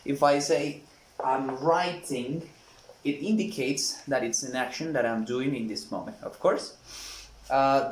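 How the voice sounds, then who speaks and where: A man teaching an English grammar lesson, patiently repeating the example sentences slowly. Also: mid-range voice. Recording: echoey room.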